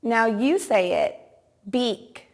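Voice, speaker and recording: A woman teacher with a fairly high voice leads a reading lesson for small children. She speaks very slowly, drawing out each word with careful, exaggerated enunciation. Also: expressive. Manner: slow, exaggerated word-by-word enunciation with repeat-after-me prompts. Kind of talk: slow, deliberate reading lesson for young children.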